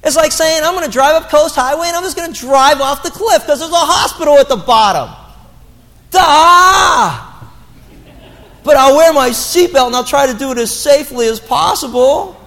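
A man preaching a sermon as pastor, animated and blunt, mocking the excuses he quotes. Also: very high-pitched, a little fast, few pauses, long reverb tail.

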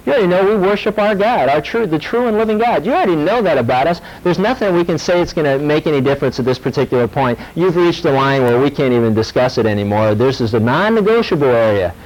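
A man playing a young captive who calmly and firmly refuses a king. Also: a little high, fast talker, few pauses, lightly acted, rough recording. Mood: defiant. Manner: calm, firm, matter-of-fact. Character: defiant young Hebrew captive, male.

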